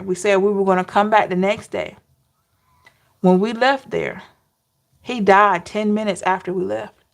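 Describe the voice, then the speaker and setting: A woman tarot reader sharing personal memories in a slow, emotional, heartfelt way, with soft hums between thoughts. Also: mid-range voice, vocal fry. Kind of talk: personal reflective talk.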